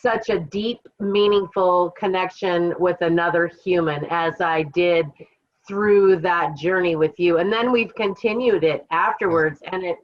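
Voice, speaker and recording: A woman's voice: on the low side, a little slow, muffled recording. A woman from central Washington State, a podcast guest and author, telling her story in a reflective, storytelling manner. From Kittitas Valley, Washington, USA. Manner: warm, reflective storytelling with fillers. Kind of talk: casual interview storytelling.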